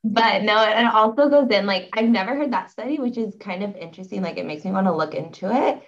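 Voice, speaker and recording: A woman's voice: mid-range voice, fast. A young woman guest on a podcast, chatting casually with lots of fillers as she tells a story. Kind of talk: casual interview chat. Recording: dull, slightly lo-fi audio.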